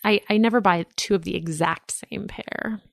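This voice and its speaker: A woman journalist chats as a podcast guest with a gravelly, fry-edged voice in a mid pitch. She talks things through thoughtfully, close to a dry mic. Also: normal speed, dry recording. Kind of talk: casual chat.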